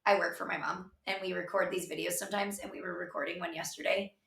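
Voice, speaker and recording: A woman's voice: lowish voice, steady tone, fast talker, gravelly, fairly bright tone. A woman co-hosting a podcast in casual chat, telling rambling stories full of fillers. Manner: rambling, filler-heavy storytelling. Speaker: podcast co-host. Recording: echoey room, distant mic.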